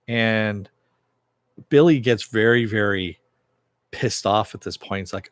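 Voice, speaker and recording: Male TV reviewer, casual recap, lowish voice, dry close sound, filler-heavy and chuckling. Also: a little slow, long pauses, clear, resonant tone, no room sound. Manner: chatty, many fillers, chuckles while retelling. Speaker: TV series reviewer.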